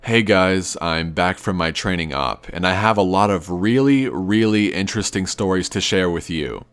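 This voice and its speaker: A man calmly narrating a first-person horror story in a measured, scripted way. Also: low-pitched, clear, resonant tone, soft background music.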